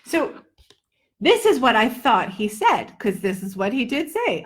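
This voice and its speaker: A middle-aged woman leads a live pronunciation lesson at an unhurried pace. Her voice sits a little high, and she stretches each word out in playful repetition drills. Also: sing-song. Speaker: English pronunciation coach.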